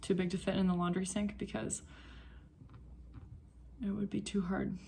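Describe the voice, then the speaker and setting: A woman's voice: medium pitch, level tone, moderate pace, vocal fry, warm tone, a little hiss or hum. A young woman vlogging about knitting at home in a chatty, rambling way that wanders off topic. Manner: chatty, rambling, easily sidetracked. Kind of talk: casual chat.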